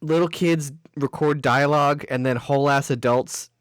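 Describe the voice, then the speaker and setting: A man with a slightly raised pitch chats casually as a podcast co-host. His recap is full of sarcastic, deadpan asides. The sound is very dry and close, with no room echo. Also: moderate pace. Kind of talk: casual movie recap chat.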